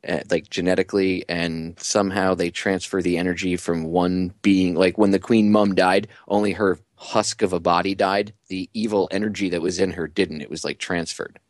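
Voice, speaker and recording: Deep-voiced rambling male co-host. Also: little pitch movement, normal speed, few pauses, no room sound, clean studio sound. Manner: rambling, conspiratorial storytelling. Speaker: radio co-host. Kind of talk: casual talk radio banter.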